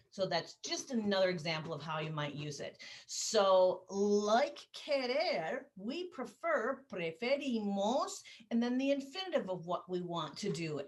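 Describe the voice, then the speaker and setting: In a grammar lesson, a Spanish teacher whose pitch is fairly high takes her time explaining things. She reads model phrases out slowly, giving students the chance to say them after her.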